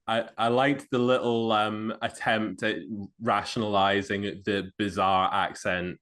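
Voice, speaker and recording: A man's voice: on the low side, level tone, a little slow, fairly bright tone, clean tone. A man who is a guest on a podcast, making dry, wry remarks about a film. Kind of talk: casual film discussion.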